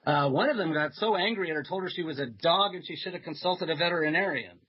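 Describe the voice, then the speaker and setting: A man who is a psychiatrist, telling stories as a guest on a talk radio show, hesitant with fillers and soft laughs. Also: on the high side, expressive, fast talker, slightly rough. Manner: chatty storyteller with many fillers and soft laughs. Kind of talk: radio interview anecdote. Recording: dull lo-fi radio audio.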